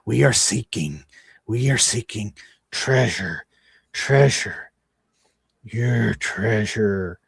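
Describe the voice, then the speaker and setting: A man voicing an eerie, gravelly creature disguised as a gnome, speaking slowly and pleadingly. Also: on the low side, lively intonation, no echo, heavily acted. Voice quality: rough, gravelly. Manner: slow, pleading, repetitive.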